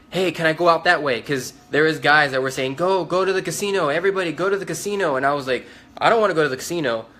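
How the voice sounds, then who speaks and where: Recounting an event he witnessed, a man speaks in a mid-range voice with a bright, forceful tone. His telling is urgent and insistent, full of restarts and quoted dialogue as he performs the words of those he encountered.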